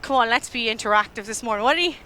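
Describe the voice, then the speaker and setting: Irish girl in her 20s telling a story at church, bright and high, acts out her own panic. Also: racing. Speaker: church speaker. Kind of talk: storytelling sermon.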